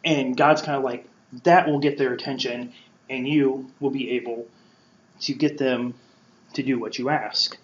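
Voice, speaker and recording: A man's voice: medium pitch, steady tone, unhurried. A man giving a casual Bible teaching as a podcast host, acting out the quotes playfully in a conversational way. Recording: roomy, dull lo-fi sound.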